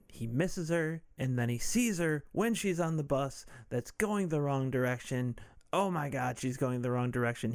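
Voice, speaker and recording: Man recapping a movie, animated. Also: mid-range voice, clean tone, dry recording, clean studio sound. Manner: animated, joking, swears. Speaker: podcast host. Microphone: podcast mic.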